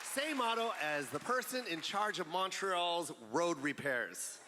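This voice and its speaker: A man introducing a comic at a comedy show with drawn-out announcing. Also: high-pitched, expressive. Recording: noisy live recording with crowd. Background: crowd.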